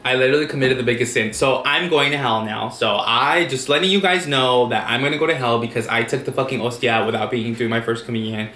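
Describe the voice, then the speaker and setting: A young man tells a story to his camera in a loose, animated way, swearing freely and acting out what everyone said. His voice is mid-pitched and carries an echoey room sound with faint background noise. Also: quick pace, few pauses. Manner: animated, profane storytelling with acted-out quotes. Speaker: vlogger. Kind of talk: casual storytime vlog.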